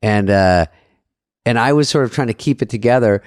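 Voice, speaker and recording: At normal speed, with a dry recording and clean studio sound, this podcast co-host wanders through a story in casual chat, bursting into acted-out quotes with a jumpy pitch.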